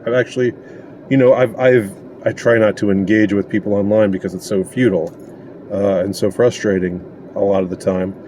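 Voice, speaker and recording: A man giving a casual opinion monologue, indignant and sarcastic, pausing often as he talks. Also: fairly low pitch, fairly even intonation, dark tone, slight background noise. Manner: indignant and sarcastic, halting with many pauses. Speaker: commentator.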